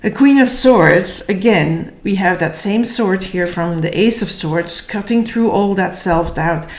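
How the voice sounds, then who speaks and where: A woman giving a casual tarot reading, slightly hoarse and tired, thinking aloud and searching for words. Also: medium pitch, measured pace. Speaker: tarot reader. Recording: echoey room.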